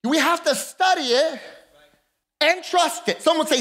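Very high-voiced impassioned male preacher. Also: unhurried. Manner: impassioned preaching, bursts of shouting, calls to the congregation. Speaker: pastor. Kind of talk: sermon. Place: church service with a congregation.

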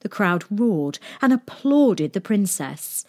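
A woman reading a children's story aloud in a gentle, expressive storytelling manner. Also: medium pitch, slow pace.

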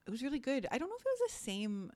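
A woman in her thirties, a podcast co-host, chatting casually with lots of fillers and lively storytelling. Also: high-pitched, very fast. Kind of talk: casual chat.

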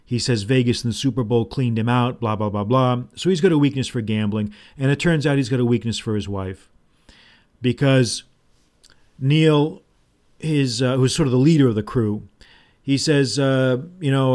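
A man talking through a solo podcast episode, loose and rambling, often circling back with restarts. He retells movie lines in his own ordinary speaking voice rather than acting them out. His pitch sits in the middle for a man. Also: moderate pace, a little mellow. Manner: rambling, with restarts and "blah, blah" asides. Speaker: podcast host. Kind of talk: casual solo podcast monologue.

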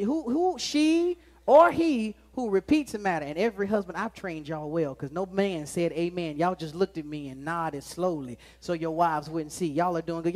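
Dynamic, joking preacher man. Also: high-pitched. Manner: dynamic preaching, swings from loud emphasis to hushed tones; joking asides to the congregation. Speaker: pastor. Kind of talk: sermon. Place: church sanctuary with live congregation.

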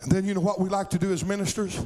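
A middle-aged male pastor preaching a sermon, calling out to the congregation and building up to shouts at his high points. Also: flat delivery, very fast, rough recording. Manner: preaching with call-and-response cries, rising to shouts.

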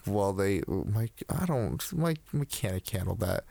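A man's voice: fairly low pitch, lively intonation, unhurried, creaky, mellow, dry recording. A young man co-hosting a podcast, chatting casually and rambling with restarts and swearing. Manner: rambling, swears freely, many restarts and fillers. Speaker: podcast co-host.

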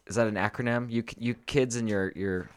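A man's voice: mid-range voice, fairly even intonation, moderate pace, clean tone. A young man co-hosting a podcast, joking and swearing casually in a laid-back way. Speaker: podcast co-host. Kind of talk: casual chat.

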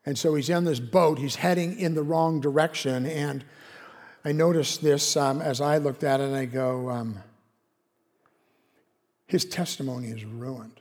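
A man's voice: fairly high pitch, a little mellow. A man preaching a sermon as pastor, in an earnest, conversational way full of rhetorical questions. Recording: long reverb of a large hall.

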